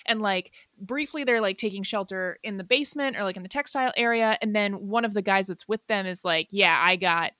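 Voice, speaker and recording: A woman's voice: mid-range voice, a little fast, few pauses, pushed and bright, no echo, clean studio sound. A young woman co-hosting a podcast, chatting casually about a movie with lots of fillers and swearing. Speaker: podcast co-host.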